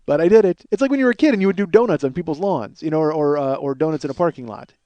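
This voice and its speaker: A man's voice: fairly high pitch, lively intonation, racing, dark tone, no room sound. A middle-aged man from the Chicago area telling rambling, profane, self-mocking comic stories as a podcast host, acting out bits of dialogue. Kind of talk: comic storytelling monologue.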